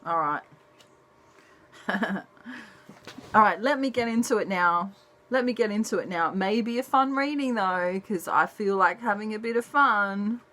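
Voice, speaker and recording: Slow, soft-spoken woman. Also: medium pitch. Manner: soft, chatty, unhurried. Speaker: tarot reader. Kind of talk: casual tarot reading.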